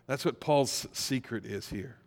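A pastor giving a sermon in a conversational way that builds to emphatic peaks. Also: male voice, mid-range voice, big-room sound.

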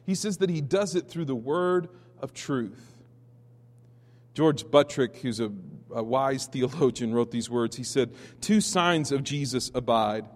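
Texan pastor preaching in a reverberant hall. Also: male voice, medium pitch, measured pace. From Texas. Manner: storytelling with restarts and sudden loud peaks. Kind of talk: sermon.

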